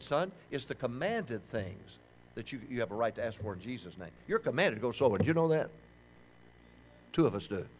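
An older man preaching a folksy, humorous sermon and shouting for emphasis. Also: medium pitch, a little hiss or hum. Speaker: pastor.

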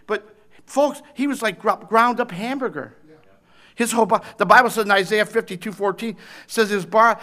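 A man preaching with a high, piercing voice, hammering his points home in repeated phrases. He swings from near-shouting fervor down to soft, hushed pleading. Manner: emphatic, repetitive phrasing. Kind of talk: sermon.

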